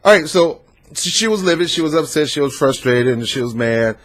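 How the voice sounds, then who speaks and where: Man, slightly high voice, emphatic commentator who repeats his points and talks back at the people he covers. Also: lively intonation, fairly quick. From Southern United States. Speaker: political commentator. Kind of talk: ranting political commentary.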